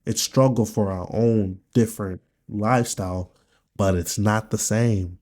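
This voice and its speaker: Low-voiced man in a candid video diary. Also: steady tone, unhurried, a little mellow. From Nigeria. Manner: candid, profane, rambling talk. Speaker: vlogger.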